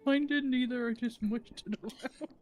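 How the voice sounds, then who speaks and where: A woman's voice: a little high, normal speed, darkish tone, a little hiss or hum. A woman hosting a livestream, chatting casually and rambling while eating dinner. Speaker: livestream host. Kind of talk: casual chat while gaming over dinner.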